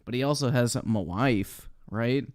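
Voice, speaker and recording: A man's voice: mid-range voice, a little slow, darkish tone, dry recording, studio quality. A man giving casual, profane commentary on a live stream as he reacts to clips, laughing often. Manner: laughs often, swears freely.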